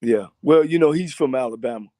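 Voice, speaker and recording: A man's voice: mid-range voice, a little fast, mellow, dry recording, clean studio sound. A man, a coach guesting on a video call, laid-back with short plain answers. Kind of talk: casual sports chat.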